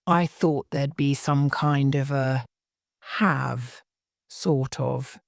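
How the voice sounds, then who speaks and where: A woman's voice: extremely low pitch, very slow, creaky, no room sound, studio quality, pitched below the performer's own voice, full character voice. A woman voicing a timid young working-class maid who has just become an heiress, speaking plainly and anxiously. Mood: wondering.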